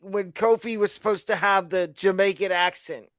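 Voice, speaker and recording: A man with a notably high voice co-hosts a relaxed sports podcast. He laughs often as he talks, and the sound is dry with no room echo. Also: moderate pace. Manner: laughs often while talking. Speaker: podcast co-host. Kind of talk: casual wrestling chat.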